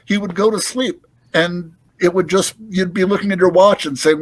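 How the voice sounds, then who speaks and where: Chill guy on a podcast with a higher voice, just chatting. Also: fairly even intonation, normal speed, no room sound. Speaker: podcast co-host. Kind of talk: casual chat.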